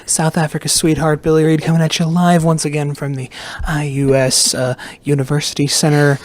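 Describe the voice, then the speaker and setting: A man hosting a casual college radio show, talking in an excitable, jokey way and often cutting himself off. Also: a little high, a little fast. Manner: excitable, jokey, self-interrupting. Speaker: host. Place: campus radio studio.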